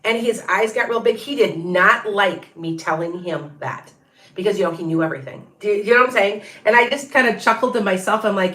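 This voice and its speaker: A woman's voice: mid-range voice, fairly quick, fairly bright tone. Middle-aged lady rambling to her viewers on a live stream, lots of restarts and side stories. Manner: rambling, chatty, many restarts and asides. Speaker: tarot reader. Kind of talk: casual livestream chat to viewers.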